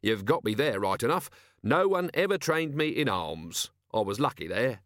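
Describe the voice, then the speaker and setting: A man's voice: mid-range voice, big pitch swings, moderate pace, a bit bright, dry recording. A hard-bitten city watch commander, as a male audiobook narrator plays him, with a dry, sarcastic streetwise edge. His mid-range voice sounds plain and close-miked in a dead studio. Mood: sardonic. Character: gruff, sardonic middle-aged male city watch commander.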